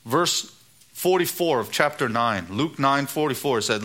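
Emphatic middle-aged male preacher, bright voice. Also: lively intonation, a little slow. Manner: emphatic, rises in pitch on key points. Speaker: pastor. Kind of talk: sermon.

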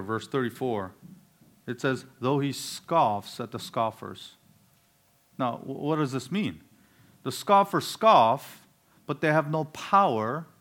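A man preaching a sermon, swinging between loud, emphatic declarations and low, quiet asides.

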